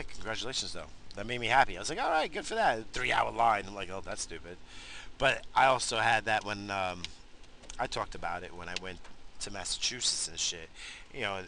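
A man's voice: low voice, gravelly, sharp tone, a little hiss or hum. A middle-aged man from New York, rambling casually and profanely in his car, laughing as he tells stories. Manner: profane, laid-back, laughing storyteller. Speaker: vlogger. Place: parked car.

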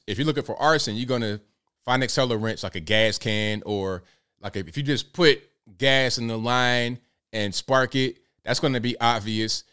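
Smooth-voiced man hosting a call-in show. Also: medium pitch, a bit bright. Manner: casual, loose, repeating himself. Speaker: host.

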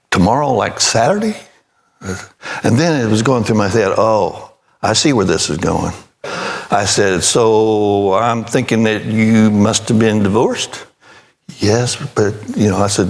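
A man's voice: lowish voice, lively intonation, slow, gravelly, pauses often. An older man preaching a sermon as pastor, telling a story in a folksy way and acting out both sides of the conversation, then rising to emphatic preaching.

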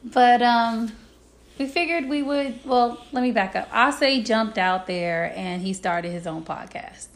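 Animated, blunt woman podcast co-host. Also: a little high, slow pace. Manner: animated, laughing, restarts her thoughts; blunt and direct. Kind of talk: casual chat.

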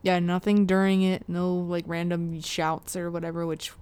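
A co-host with a clear, smooth voice at a middle pitch, talking casually about a film. This voice interjects often with quick agreements and picks up the other speaker's sentences to complete them. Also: level tone, darkish tone. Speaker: podcast co-host. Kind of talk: casual chat reviewing a movie.

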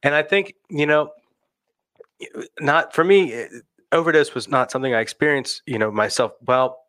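A man talking through his past in recovery during a relaxed conversation. He wanders and restarts as he thinks aloud, and the recording is dry and close, with little room sound. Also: on the high side, normal speed, no echo. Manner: reflective, rambling with restarts. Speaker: person in recovery sharing experience. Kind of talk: casual personal conversation.

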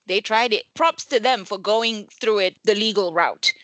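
A woman co-hosting a casual podcast chat, animated and emphatic, swearing freely. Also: medium pitch, moderate pace, no room sound. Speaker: podcast co-host.

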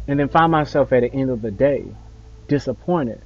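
Man, motivational talk, earnest, trailing quiet endings, slightly dull audio, faint music behind. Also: mid-range voice, moderate pace. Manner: earnest, voice trailing off softly at phrase ends. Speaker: father giving motivational advice.

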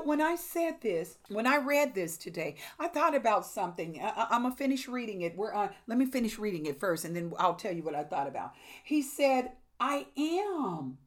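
Woman, middle-aged, preacher, sermon, higher-pitched, animated, sudden loud exclamations.

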